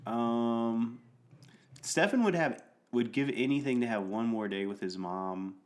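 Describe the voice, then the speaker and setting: A man co-hosting a podcast, recapping a TV episode in a slow, halting way with lots of fillers. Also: mid-range voice. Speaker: podcast co-host. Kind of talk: casual chat recapping a TV episode.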